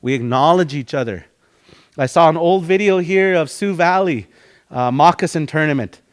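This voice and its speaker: Man, Dakota community accent, language teacher, slightly higher voice, easygoing storytelling, explains words one by one. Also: normal speed. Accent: Dakota community English. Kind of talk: teaching a class, conversational.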